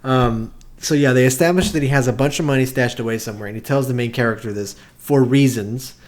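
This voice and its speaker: A man's voice: medium pitch, a little fast. A man co-hosting a comedy podcast, riffing on a movie in a rambling, casual way with laughs and swearing. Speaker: podcast co-host.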